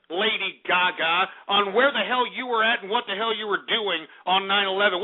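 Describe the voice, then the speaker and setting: A man hosting a radio show, delivering an angry, profane, sarcastic rant. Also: high voice. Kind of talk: ranting talk radio monologue. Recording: tinny phone-line internet radio.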